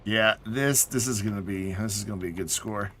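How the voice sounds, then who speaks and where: A man's voice: on the low side, a little fast, a bit bright, slight background noise. A man casually chatting to his viewers while playing a game on a live stream, sounding tired and yawning. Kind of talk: casual live gameplay chat.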